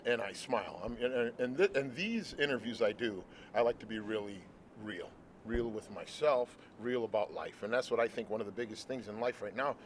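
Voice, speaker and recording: A man's voice: mid-range voice, slight background noise. A man in his forties hosting an interview, talking in an earnest, rambling way with many restarts. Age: 40s. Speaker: host. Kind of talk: casual interview chat. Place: outdoors at a ballpark.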